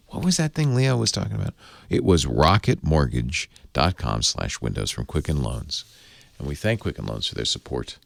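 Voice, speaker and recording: A man hosting a tech podcast, reading a lively sponsor pitch and chatting casually with playful asides into a studio mic. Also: vocal fry, dry recording. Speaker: podcast host. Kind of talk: ad read and casual chat.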